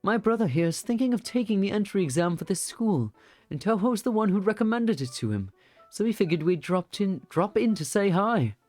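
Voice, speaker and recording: A man's voice: high voice, sing-song, fairly quick, darkish tone, dry recording, faint music behind, voice pushed up. A man voicing a timid young male student in a fake British accent, reading a visual novel aloud. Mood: polite.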